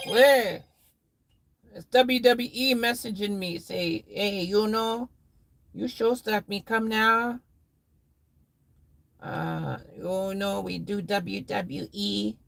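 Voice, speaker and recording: A woman chatting on a live stream, unhurried and drawn out. She reads viewers' messages aloud with a playful, teasing manner. The sound is dry and close, with no room around it. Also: mid-range voice, creaky, no room sound, low-quality recording. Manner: playful, drawls, puts on silly voices and sound effects. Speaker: livestreamer. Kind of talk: casual live-stream chat reading viewer comments.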